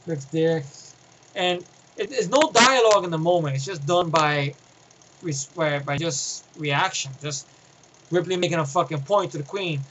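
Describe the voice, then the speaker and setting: A man giving a casual, rambling film review, excitable and profane, often restarting his sentences. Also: fairly high pitch, measured pace, noisy background.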